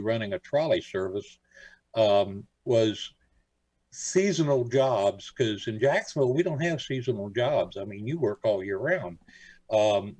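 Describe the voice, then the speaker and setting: A man's voice: mid-range voice, a little mellow, no room sound, rough recording. An older man from Florida, a radio show guest, telling stories in a rambling, folksy way with lots of fillers. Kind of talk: casual interview chat.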